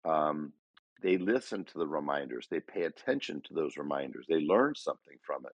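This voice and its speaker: A man's voice: a bass voice, expressive, normal speed, no echo, dull audio. A man co-hosting a podcast, talking earnestly and reflectively, putting rhetorical questions to his listeners. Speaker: podcast co-host. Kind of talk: casual conversation.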